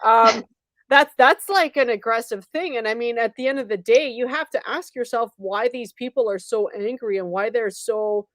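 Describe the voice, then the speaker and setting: A woman's voice: a little high, normal speed, fairly bright tone, dry recording. A woman hosting a talk show who gives her opinions in a loose, conversational way. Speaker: host.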